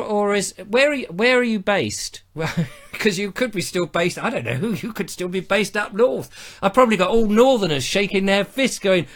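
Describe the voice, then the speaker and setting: British man, home live-stream host, chatty and self-mocking, animated pitch. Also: moderate pace. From Britain. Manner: rambling, jokey, self-mocking. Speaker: livestream host. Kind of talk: casual live chat to viewers. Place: back room at home. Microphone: laptop or webcam mic.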